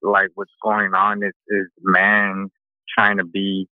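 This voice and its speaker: A man's voice: low-pitched, completely flat delivery, takes it slowly, no echo. A man calling in to a talk show, blunt and casual with slang. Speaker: caller. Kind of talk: phone call-in chat. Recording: phone line.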